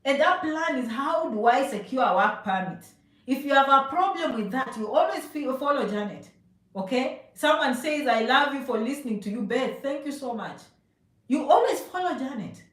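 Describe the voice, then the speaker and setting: Woman from Zambia, high voice, emphatic live-stream motivator who keeps checking "okay?", echoey distant mic. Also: lively intonation, normal speed, fairly bright tone. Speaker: immigration advice streamer. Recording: echoey room, voice a bit far from mic.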